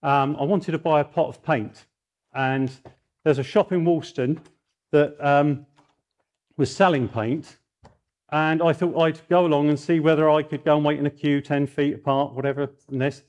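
A middle-aged man preaching a sermon, telling stories in a lively way and rising into mock outrage. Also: a little high, moderate pace.

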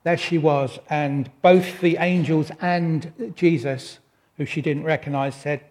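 A middle-aged man preaching a sermon, reflective and unhurried, with wry self-deprecating asides. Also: on the high side, fairly even intonation, a little mellow.

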